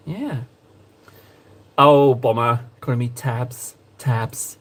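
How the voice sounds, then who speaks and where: A man with a fairly high voice chats on a live stream as he mixes paints. His pitch swings around a lot as he rambles, jokes and banters with his viewers. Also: lively intonation, normal speed, a bit bright. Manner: playful, rambling, talks to chat while painting. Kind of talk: casual live-stream chat.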